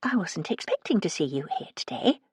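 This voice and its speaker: A woman playing a timid, hushed shop girl. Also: on the low side, sing-song, fairly quick, slightly rough, no echo, studio quality, heavily acted. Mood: nervous. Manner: hushed, quiet, hesitant. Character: nervous young woman shop assistant, timid. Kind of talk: audiobook character reading.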